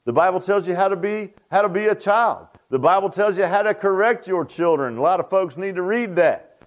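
Folksy preacher, higher-pitched. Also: male voice, lively intonation, brisk. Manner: folksy, repetitive, rising to emphatic bursts. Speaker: pastor. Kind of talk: sermon.

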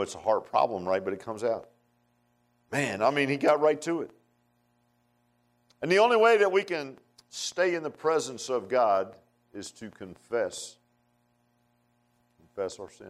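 A man preaching a sermon in a folksy, conversational way, swinging between emphatic outbursts and hushed asides. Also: medium pitch, big pitch swings, normal speed, pauses often.

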